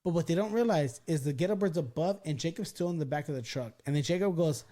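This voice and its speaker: Man, podcast host, high voice, animated swearing storyteller. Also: fast talker. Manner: animated, profane, acts out quotes. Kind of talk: casual storytelling chat.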